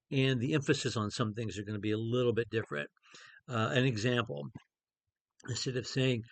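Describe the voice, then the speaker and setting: A middle-aged man teaches a Bible passage in an informal study session, preaching conversationally with lots of fillers and restarts. His voice is mid-range and the recording is dry.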